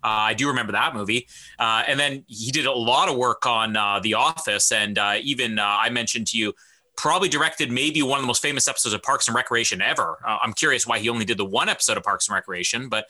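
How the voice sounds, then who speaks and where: Podcast co-host, male, mid pitch, very bright and tense timbre, hesitant casual delivery. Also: fast talker. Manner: hesitant, many fillers and restarts. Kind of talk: casual chat.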